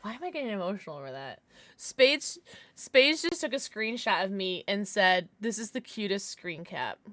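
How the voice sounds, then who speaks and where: A young woman chats casually with her livestream audience at a normal speed, her voice mid-range, as she thanks viewers and lets out excited squeals.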